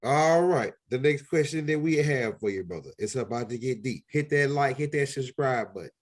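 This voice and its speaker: A man in a mid-range voice hosts an interview and reads out the questions in a relaxed, plain way. He sounds casual and easygoing. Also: medium pitch, normal speed. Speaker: host.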